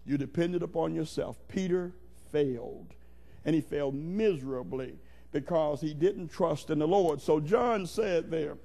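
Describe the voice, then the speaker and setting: High, gravelly-voiced male preacher. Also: measured pace, mellow. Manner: emphatic, rhythmic, calls out to the congregation; repetitive, building cadence. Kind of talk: sermon.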